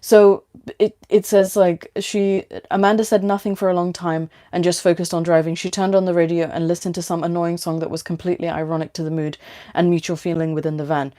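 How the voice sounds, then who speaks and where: Giggly, halting woman streamer. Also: fairly low pitch, level tone, mellow. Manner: halting, many fillers, giggly and self-deprecating. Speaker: streamer reading her own story. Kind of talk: casual livestream chat and reading aloud.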